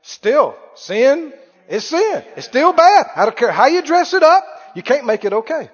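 A pastor preaches an animated, emphatic sermon with sharp swings in loudness. His voice is very high for a man. The audio is dull and rings with long hall reverb. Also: unhurried. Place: church hall.

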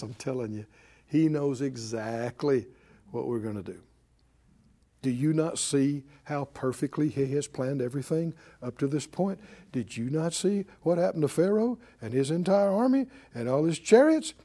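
A middle-aged man teaching a sermon, animated, acting out little voices and swinging between loud and soft. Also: high voice. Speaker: Bible teacher.

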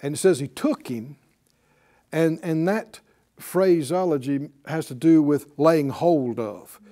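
A man's voice: fairly high pitch, slow pace. A man preaching a sermon, calling out to his congregation for responses. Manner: animated, calls for responses from the congregation.

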